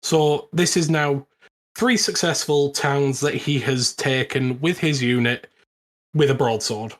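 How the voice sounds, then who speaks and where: A British man co-hosting a podcast, telling a history story in casual, animated chat with frequent laughs. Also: mid-range voice, unhurried. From Britain. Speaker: podcast co-host.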